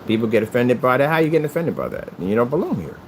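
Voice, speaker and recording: This American channel owner, a hobby crafter, talks rapid-fire in a very animated mid-range voice, ranting emphatically and repetitively in a rambling vlog about his hobby channel. The low-quality recording carries a little hiss or hum.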